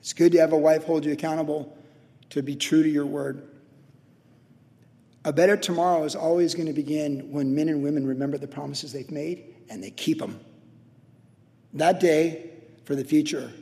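A man in his sixties preaching a sermon in a conversational way, acting out quotes with sudden shouts. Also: on the high side, creaky, in a large hall. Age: 60s. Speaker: pastor.

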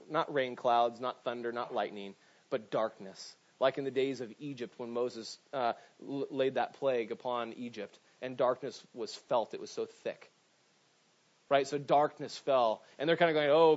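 A man's voice: medium pitch, normal speed. A male pastor preaching a conversational sermon, often repeating words and asking "right?". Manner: conversational preaching, many restarts and "right?" asides. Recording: dull lo-fi sound.

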